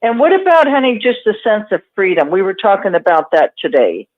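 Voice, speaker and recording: A woman's voice: mid-range voice, very animated, a little fast. A woman hosting an interview, sympathetic and affirming, calling her guest honey. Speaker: host. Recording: tinny phone-line sound.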